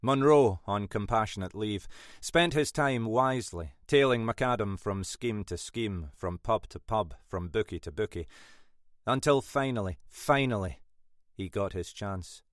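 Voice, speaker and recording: A man narrating a mystery thriller audiobook in a measured, dramatic storytelling manner. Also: lowish voice, no room sound, studio quality. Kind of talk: scripted narration.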